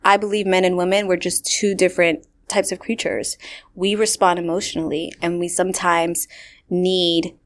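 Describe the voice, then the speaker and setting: Speaking at normal speed in a lowish voice, a podcast host in her late twenties chats casually and tells stories with animation. She uses "like" constantly among other fillers and acts out the quotes.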